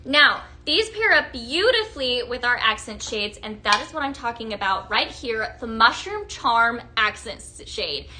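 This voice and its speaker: A woman's voice: fairly high pitch, very animated, measured pace, hardly any pauses, bright, forceful tone. A young woman hosting a live sales demonstration, gushing and chatting with viewers as she shows products. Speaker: home fragrance product presenter.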